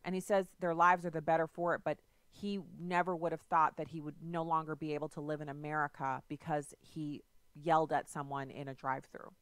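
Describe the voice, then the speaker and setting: Low, smooth-voiced talk radio hostess. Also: female voice, level tone, brisk, no room sound. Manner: conversational, retells stories with asides. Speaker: radio talk show host. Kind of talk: political talk radio commentary.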